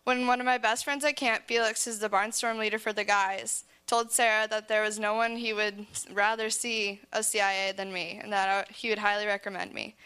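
A woman's voice: medium pitch, steady tone, brisk, hardly any pauses, pushed and bright, smooth. A teenage girl giving an earnest personal testimony about camp to a church audience, often saying "like" and laughing between phrases. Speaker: speaker sharing a camp testimony.

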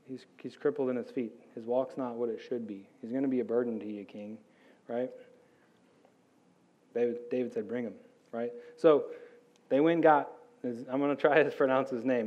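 A man's voice: medium pitch, fairly even intonation, normal speed, a little mellow. An American man giving a casual Bible teaching, talking informally with many "like"s and "right?"s. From United States. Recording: dull lo-fi sound.

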